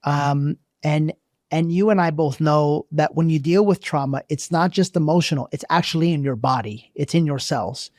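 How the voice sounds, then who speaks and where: A man's voice: on the high side, moderate pace, a little mellow, no echo, studio quality. A man hosting an interview podcast, asking his guest searching questions in a conversational way. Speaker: podcast host.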